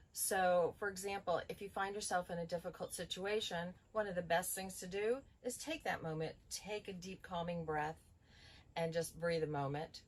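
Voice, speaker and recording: Middle-aged woman, lowish voice, calm explaining for a training video. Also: low-quality recording. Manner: calm, explanatory, gives examples. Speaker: school bus safety trainer.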